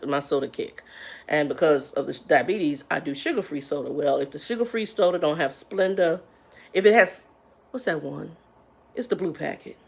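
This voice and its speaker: A woman chats on a livestream in a loose, rambling way, calling her viewers "y'all" and greeting them by name. Her voice has a gravelly fry to it, and she sounds a little congested from sinus drainage. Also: sits low. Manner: Southern-style slang, "y'all". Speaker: livestream host. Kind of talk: casual livestream chat.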